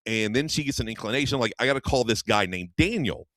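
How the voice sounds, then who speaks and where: A man's voice: medium pitch, animated, fast talker, a bit bright, no echo. A man co-hosting a radio show, casually retelling a movie plot and acting out the characters' lines. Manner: rambling storyteller, acts out quoted lines. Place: radio studio.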